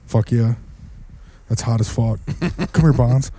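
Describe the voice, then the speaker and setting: Profane, teasing man with a mellow voice. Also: medium pitch, takes it slowly, a little hiss or hum. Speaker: podcast co-host. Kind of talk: crude casual banter.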